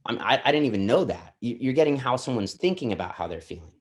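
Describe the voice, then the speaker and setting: A man as a podcast guest, telling stories in an animated way and swearing freely. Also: medium pitch, fast talker. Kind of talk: casual podcast chat.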